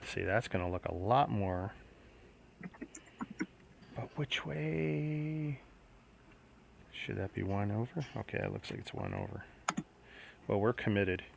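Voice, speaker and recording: A man's voice: low voice, big pitch swings, normal speed, gravelly. A man hosting a casual livestream, chatting and musing aloud as he builds a model kit. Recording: faint background noise.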